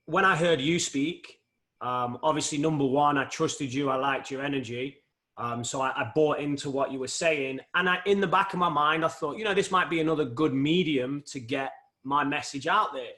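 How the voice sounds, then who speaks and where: English Midlands accent, man, slightly higher voice, measured and hesitant, podcast guest. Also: pushed and bright. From England. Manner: measured, with frequent ums. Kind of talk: conversational interview answers.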